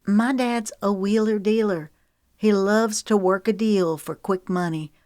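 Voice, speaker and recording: A woman's voice: mid-range voice, steady tone, unhurried, a little mellow, no echo, studio quality, pitched above the performer's own voice, close to an everyday voice. Woman voicing a wry young woman singer. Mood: rueful.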